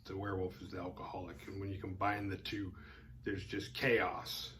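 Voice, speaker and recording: A man with a somewhat low voice talks his way through a horror film's plot as a podcast host. His telling is loose and casual, full of "like" and restarts. He drops in a dry, amused comment here and there. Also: monotone, moderate pace, bright, forceful tone, slight background noise. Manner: rambling, loose retelling full of "like" fillers. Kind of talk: casual spoken film recap.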